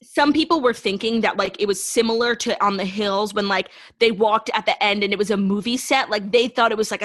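A woman's voice: medium pitch, a bit bright. A woman co-hosting a casual pop-culture podcast, chatting with many "like"s. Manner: talkative, says "like" a lot. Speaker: podcast co-host.

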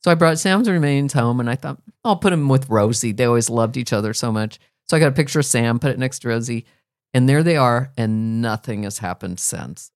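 A middle-aged woman hosting a podcast, chatting casually and telling a story with lively rises in her voice. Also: very deep voice, brisk, dry recording, studio quality. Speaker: podcast host. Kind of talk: casual chat.

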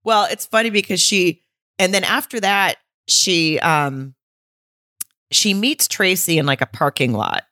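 A woman's voice: measured pace, bright, forceful tone, no echo, studio quality. A woman co-hosting a casual podcast, recapping a movie and acting out the characters' lines with frequent laughter. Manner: laughs often, acts out quotes with big pitch swings. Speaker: podcast co-host.

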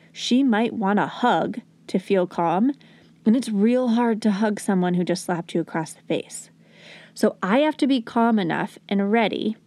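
A young adult woman teaching parents how to calm toddlers, earnest and coaching, softly acting out what to say to a child. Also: medium pitch, dry recording. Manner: earnest, coaching, acts out gentle lines to a child. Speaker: parenting educator. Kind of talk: instructional talk to parents.

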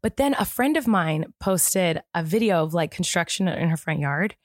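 A woman's voice: on the low side, normal speed, dry recording. Chatty woman on a dry mic. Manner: chatty, animated storytelling with many "like"s. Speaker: podcast co-host. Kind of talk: casual chat.

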